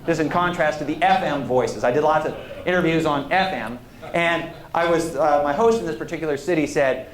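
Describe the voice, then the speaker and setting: A man's voice: on the high side, moderate pace, a little hiss or hum. A man giving a public lecture as a historian, talking in a conversational, digressive way and putting questions to the audience. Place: lecture hall. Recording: echoey lecture hall.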